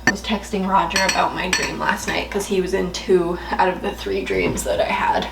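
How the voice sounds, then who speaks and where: Creaky and fairly low-pitched, a young woman rambles through a casual vlog in her kitchen at a moderate pace, with fairly even intonation, second-guessing herself and laughing a lot. The recording is very noisy, roomy and distant, full of kitchen clatter.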